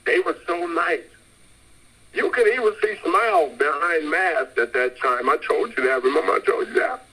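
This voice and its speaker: A man's voice: a little high, expressive, normal speed, bright, forceful tone, a little hiss or hum, poor audio. A man delivering a rambling, emphatic sermon and repeating his points insistently. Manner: emphatic, repetitive, insistent preaching. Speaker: preacher. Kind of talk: street-style sermon.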